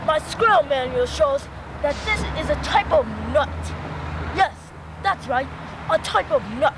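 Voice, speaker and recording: A man's voice: extremely high pitch, expressive, voice pushed up, full character voice. A young man narrating a homemade nature documentary, putting on a hammy Australian nature-show host accent, recorded outdoors on home video with traffic noise behind. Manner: hammy, exaggerated greetings and drawn-out asides. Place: outdoors near a road, cold.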